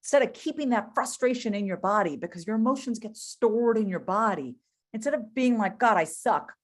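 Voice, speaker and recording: A woman's voice: fairly high pitch, animated, brisk. A woman giving a motivational webinar talk, speaking directly to her audience with many rhetorical questions and repeated phrases for emphasis. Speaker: webinar presenter.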